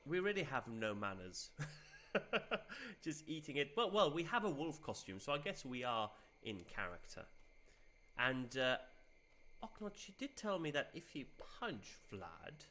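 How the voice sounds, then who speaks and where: A young man chats through a live game stream, cheerful and easygoing, laughing often between remarks. His voice is bright, with a crisp edge. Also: fairly high pitch, big pitch swings, a little slow, slight background noise. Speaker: game streamer, community host. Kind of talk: casual live-stream commentary.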